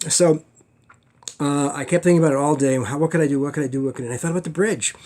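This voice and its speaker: A man's voice: a little high, rapid-fire. Man telling a dream story in class. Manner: animated, acts out his own panicked thoughts. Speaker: teacher. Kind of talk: casual storytelling lecture.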